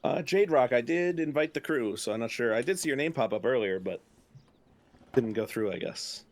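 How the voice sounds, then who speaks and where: A man streaming a video game with friends, chatting casually and getting excited during races. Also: medium pitch, moderate pace. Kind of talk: casual gaming stream chat. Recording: clear background noise.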